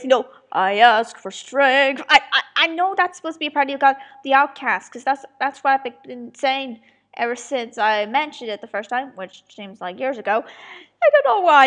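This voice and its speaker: Lively high-voiced woman muttering through outtakes. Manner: self-mocking, sighing, chatty muttering to herself. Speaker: writer and voice actor of an audio drama. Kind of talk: casual blooper outtakes while recording.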